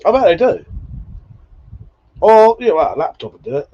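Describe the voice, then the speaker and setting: A man's voice: fairly high pitch, big pitch swings, slow pace, pauses often, warm tone, breathy edge. A man hosting a casual livestream, chatting and swearing freely between laughs. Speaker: livestream host. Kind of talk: casual chat reading viewer comments. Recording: dull lo-fi stream audio.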